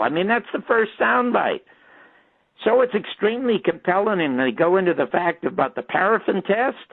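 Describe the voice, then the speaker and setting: An older man, a radio guest, telling stories in an animated way and acting out the voices he quotes. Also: high-pitched, moderate pace, vocal fry, no echo. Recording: tinny phone line.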